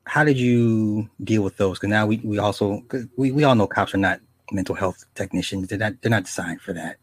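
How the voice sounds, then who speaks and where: Husky low-voiced host. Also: male voice. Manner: halting, asks questions with restarts. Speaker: podcast host. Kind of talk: casual interview.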